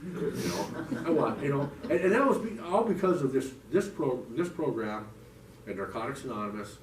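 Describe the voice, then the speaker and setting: A man's voice: mid-range voice, animated, normal speed. A man giving a heartfelt, rambling personal testimony to a church recovery group, full of restarts and "you know". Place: church meeting room. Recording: echoey room, mic from a distance, faint noise.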